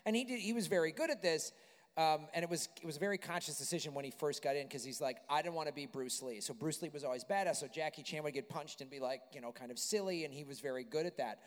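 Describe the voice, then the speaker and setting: A man hosting a live podcast in front of an audience, excitable and joking. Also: on the high side, fast talker. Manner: excitable, jokey. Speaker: podcast host. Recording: reverberant live venue.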